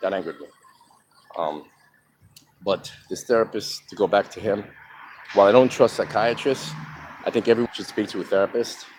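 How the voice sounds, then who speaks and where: A man telling his own life story in a frank, halting way, pausing often with ums. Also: on the low side, darkish tone, rough recording. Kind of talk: candid personal monologue. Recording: outdoor traffic noise behind.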